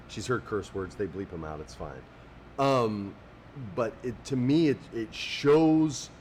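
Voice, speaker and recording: A man's voice: fairly low pitch, slight background noise. Swearing man on a podcast mic. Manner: swears freely, acts out quoted people in animated voices. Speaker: podcast co-host. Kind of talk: casual podcast chat. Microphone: podcast studio mic.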